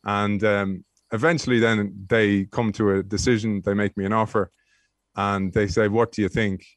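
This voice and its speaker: A man, a guest telling lively anecdotes in an interview, often restarting his sentences. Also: fairly low pitch, moderate pace, no room sound. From Ireland. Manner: animated storyteller with frequent restarts. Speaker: guest, former rugby player.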